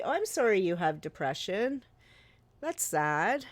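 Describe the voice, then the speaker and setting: A woman's voice: medium pitch, big pitch swings, unhurried, dry recording. A middle-aged woman writer chatting casually on a live stream as she edits her draft, thinking aloud and answering chat with small laughs. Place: home desk with her books on a shelf above.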